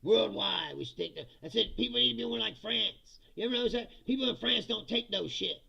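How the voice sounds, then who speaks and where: A man's voice: high-pitched, expressive, brisk, creaky, pushed and bright, slightly rough, lo-fi sound. A man hosting a live-stream, talking in a blunt, profane, ranting way and often laughing between remarks. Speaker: live-stream commentary host.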